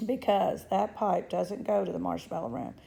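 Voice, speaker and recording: Storybook: a woman doing a breezy, unflappable candy maker, mellow and grainy. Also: lowish voice, steady tone, normal speed, creaky. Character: eccentric cheerful male chocolatier, unflappable.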